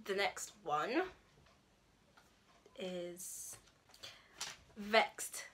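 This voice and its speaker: Talking to the camera, a young British language vlogger explains slang in a chatty, filler-heavy way and acts out sample phrases. She speaks at normal speed in a medium-pitched voice that sounds pushed and bright, with slight background noise.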